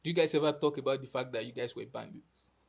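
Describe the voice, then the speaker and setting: A young podcast co-host with a gravelly, husky voice. Reactions come out wry and teasing, sprinkled with slang. The pitch sits in the middle. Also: quick pace. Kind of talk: casual chat.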